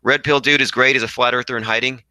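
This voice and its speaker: A man's voice: mid-range voice, fairly even intonation, fast talker, sharp tone, clear, resonant tone, no room sound, rough recording. A young man hosting a casual livestream, reading viewer comments aloud and rambling combatively. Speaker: livestream host reading chat.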